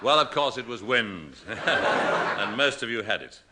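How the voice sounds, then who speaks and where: A man's voice: fairly low pitch, unhurried, heavy background noise. Droll man hosting a radio comedy. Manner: droll, deadpan wordplay. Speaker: comedy show host and narrator.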